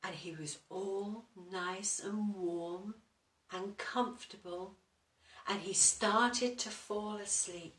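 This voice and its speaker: A woman's voice: medium pitch, fairly even intonation, takes it slowly, a bit bright. A woman reading a children's story aloud and asking the young listeners questions along the way. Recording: roomy echo, distant mic.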